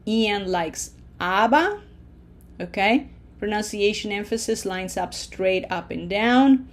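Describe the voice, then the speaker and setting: A woman teaching a language lesson, checking in with her students and slowly modeling each pronunciation for them to repeat. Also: mid-range voice, expressive. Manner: slow, deliberate modeling of pronunciation with encouraging checks. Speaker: Spanish teacher.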